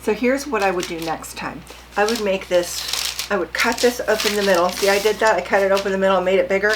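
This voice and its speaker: A woman's voice: mid-range voice, quick pace, noisy background. An older woman vlogging casually about her sewing, chatty and rambling, often asking her viewers questions.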